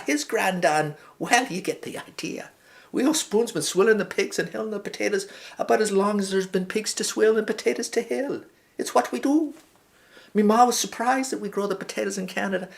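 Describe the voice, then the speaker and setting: A man's voice: high voice, gravelly, fairly bright tone. A man voicing a cheerful Irish male farmhand with a put-on Irish accent, in a folksy, rambling comic monologue. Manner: chatty and folksy, with rambling asides.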